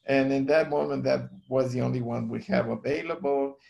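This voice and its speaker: A man telling a story on a casual call, earnest and halting, often repeating his words as he goes. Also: mid-range voice, fairly even intonation, gravelly, a little mellow.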